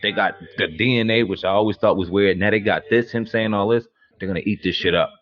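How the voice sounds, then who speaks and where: A man's voice: fairly low pitch, fast, lo-fi sound. A man co-hosting an online news chat, talking bluntly and with plenty of swearing. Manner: blunt, profane, animated. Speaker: co-host. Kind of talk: casual news commentary.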